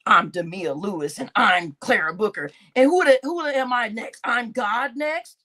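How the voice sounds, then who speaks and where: Reading through comments on her casual livestream, a grown woman laughs a lot, curses, and addresses viewers as "y'all" in an animated way. Her voice is a little high and moves at a moderate pace.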